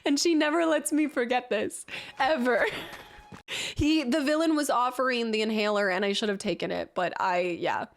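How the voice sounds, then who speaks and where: A woman streaming a casual live reaction, her voice sitting a little high. She talks freely and laughs often, poking fun at herself as she goes. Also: normal speed. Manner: chatty, laughs often, self-deprecating.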